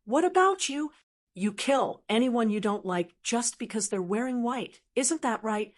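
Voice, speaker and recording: A woman's voice: on the high side, unhurried. A woman voicing a composed young noblewoman who speaks lightly and coolly. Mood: scolding. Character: young noblewoman, calm, sharp-tongued clan leader.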